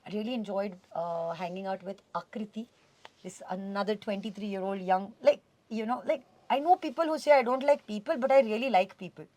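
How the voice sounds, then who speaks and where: A woman from India being interviewed as a guest, talking in an animated, expressive way and slipping Hindi words into her English. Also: mid-range voice, a little fast. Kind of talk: casual conversational interview. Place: radio studio.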